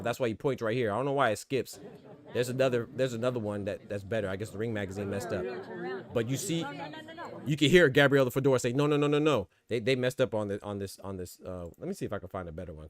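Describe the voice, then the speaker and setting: Slangy man hosting a boxing podcast. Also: medium pitch. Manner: slangy, loose and conversational, reacting to chat. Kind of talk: casual podcast commentary reading live chat.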